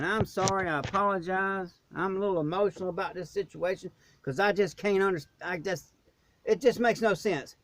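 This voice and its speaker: A man's voice: high-pitched, a little fast, dry recording. A man from Florida who hosts a prepping channel, ranting in a blunt, emphatic, folksy way. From Florida, USA. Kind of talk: ranting vlog.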